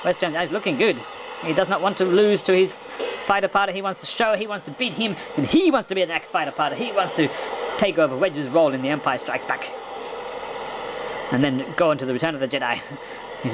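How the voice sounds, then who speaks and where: Excitable amateur wrestling commentator, noisy room. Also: male voice, a little fast. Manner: excitable, chuckling, stumbling restarts, pitch jumping high at big moves. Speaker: play-by-play commentator.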